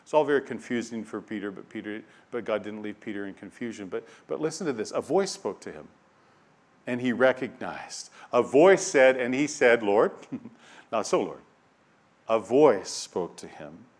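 A man delivering a sermon from scripture, his voice sitting at an ordinary middle pitch. He drops to near-hushed reflection, then climbs into loud, emphatic declarations. He often repeats a phrase for weight. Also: animated, moderate pace. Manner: dynamic preaching, swinging from hushed to loud and emphatic; reads scripture aloud, repeating key phrases. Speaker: preacher.

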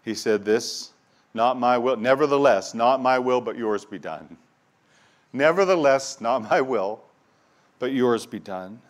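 A male pastor delivering a sermon with deep feeling. He moves from quiet, low reflection to loud, rising appeals, and he stumbles and repeats words when the moment moves him. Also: unhurried. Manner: impassioned, swings from hushed to loud and urgent.

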